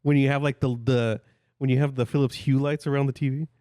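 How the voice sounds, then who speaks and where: An easygoing man at a mid pitch co-hosts a podcast and agrees and laughs along in casual chat. The sound is close and dry. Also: flat delivery, fast talker, dark tone, dry recording. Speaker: podcast co-host.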